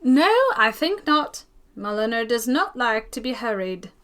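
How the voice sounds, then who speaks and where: A torpid, helpless older lady, as a woman reading a storybook puts her on, slow and fretful. Her voice sits high and drawn out, with a languid drag. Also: expressive, a bit bright. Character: torpid, helpless elderly hostess.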